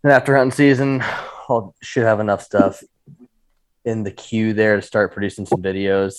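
Male podcast guest from Oregon, lower voice, chatty and upbeat. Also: fairly even intonation, normal speed, dry recording. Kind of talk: casual podcast chat.

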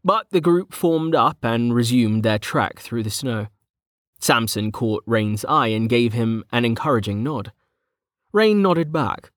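A man narrating a fantasy web novel as an audiobook, in a steady, measured storytelling manner. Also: mid-range voice, no echo, studio quality. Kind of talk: scripted narration.

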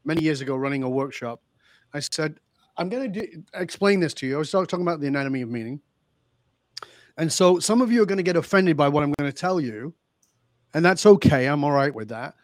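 Animated storytelling man, dry close sound. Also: on the high side, fast talker, dry recording. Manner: animated storyteller, acts out dialogue. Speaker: leadership speaker, guest. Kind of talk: storytelling in a podcast interview.

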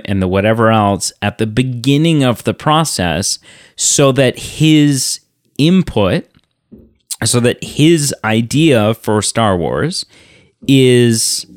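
A man co-hosting a casual movie podcast, explaining things in a measured way with frequent fillers. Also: on the low side, smooth, no room sound, studio quality. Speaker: podcast co-host. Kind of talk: casual chat.

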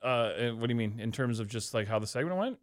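A man's voice: medium pitch, animated, fast talker, no echo, studio quality. A man co-hosting a podcast in loose, profane, joking chat. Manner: loose, profane, jokey banter. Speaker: podcast co-host. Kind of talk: casual chat.

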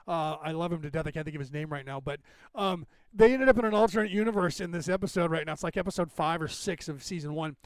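High gravelly-voiced middle-aged man. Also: fast. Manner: rambling, swears freely, animated storyteller. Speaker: podcast co-host. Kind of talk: casual chat.

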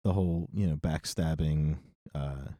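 A man's voice: extremely low pitch, mellow, dry recording, studio quality. A man co-hosting a podcast, chatting casually and cracking jokes. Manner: joking, quick to laugh. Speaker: podcast co-host.

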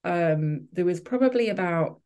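A woman's voice: fairly low pitch, lively intonation, a little slow, a little mellow. Candid woman telling her story. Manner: open, emotional, many restarts and fillers. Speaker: podcast guest.

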